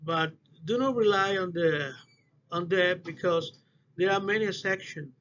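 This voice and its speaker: A student with a high, slightly bright voice gives a class presentation on phonetics, speaking haltingly, restarting phrases, and using non-native English phrasing. The recording is dull, lo-fi audio with faint hiss.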